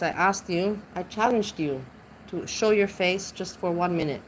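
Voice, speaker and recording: Rambling low-voiced woman streamer. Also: a little slow, a little hiss or hum, low-quality recording. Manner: rambling, searches for words, restarts often. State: intoxicated. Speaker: livestreamer reading chat. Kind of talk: casual livestream chat.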